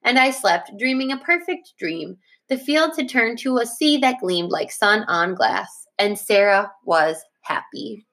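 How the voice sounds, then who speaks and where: Teacher reading a storybook aloud. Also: female voice, on the high side, measured pace, few pauses. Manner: steady, plain reading that stops to correct its own slips.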